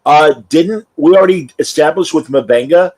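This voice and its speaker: A man's voice: a little high, normal speed, darkish tone, low-quality recording. A man hosting a casual review chat, talking conversationally and reading out listener comments. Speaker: podcast host.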